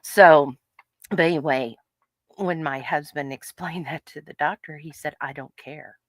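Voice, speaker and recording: Low-voiced woman, animated podcast co-host. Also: a little slow, no echo. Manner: animated storyteller, laughs often, acts out quotes. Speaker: podcast co-host and health coach. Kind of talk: casual podcast chat. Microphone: podcast microphone.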